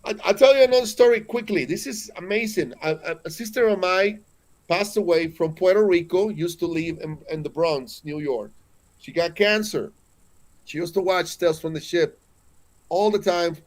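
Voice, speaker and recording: A Mexican-accented man in his forties speaks as an interview guest, pitched a little above most men. He tells spiritual stories earnestly and with emphasis, often stumbling and restarting his sentences. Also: moderate pace. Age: 40s.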